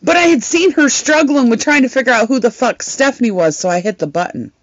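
A woman co-hosting a casual chat, telling stories in an animated way, swearing freely and laughing often. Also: fairly high pitch, fairly quick, no echo, highs cut off. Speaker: podcast co-host and live streamer.

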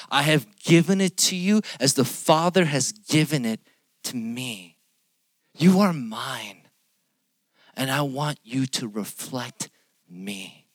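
Brief: young male pastor, lively storyteller, dips into whispers, dry close recording. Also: medium pitch, no echo. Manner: animated storytelling, swings from loud to hushed whispers. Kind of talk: sermon with personal story.

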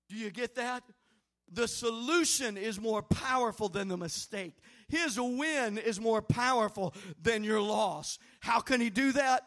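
High, bright-voiced preaching man. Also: measured pace. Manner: preaching with rising, shouted emphasis and call-and-response. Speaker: pastor. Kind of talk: sermon.

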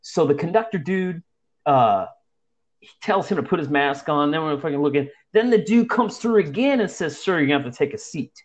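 Young man, casual story among friends, profane slang, lively swinging pitch. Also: fairly quick. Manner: profane, slangy, animated retelling.

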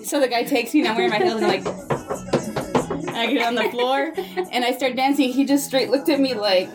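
A woman's voice: high voice, fairly quick, over music. A woman hosting a casual podcast chat, telling stories with a lot of laughter. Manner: laughing, animated storytelling. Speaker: podcast host.

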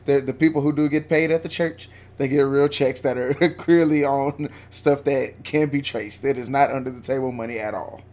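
A man's voice: medium pitch, steady tone, normal speed, few pauses, darkish tone. A man co-hosting a casual sports podcast, bantering defensively and laughing often. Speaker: podcast co-host. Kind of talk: casual chat.

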